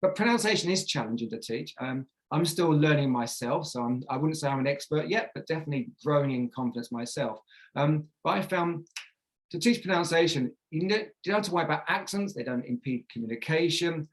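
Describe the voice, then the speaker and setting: A man's voice: a little high, lively intonation, fairly quick, low-quality recording. Man presenting a pronunciation teaching talk. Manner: explanatory, many fillers and restarts; models pronunciation examples aloud. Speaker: English teacher and conference presenter.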